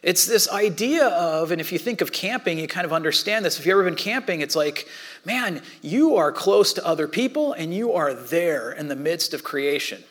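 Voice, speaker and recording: A male pastor delivers a sermon in a relaxed, talkative way, moving from scripture reading into casual, lively explanation. His voice sits a little higher than most men's. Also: moderate pace. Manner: conversational, animated preaching with playful asides.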